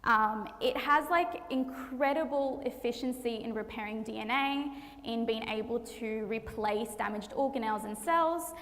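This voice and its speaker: A woman's voice: a little high, a little slow, a bit bright. Chatty young woman in a hall. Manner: chatty, laughs easily, many fillers. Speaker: medical student presenter. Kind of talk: health presentation to an audience. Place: church hall. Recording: reverberant hall.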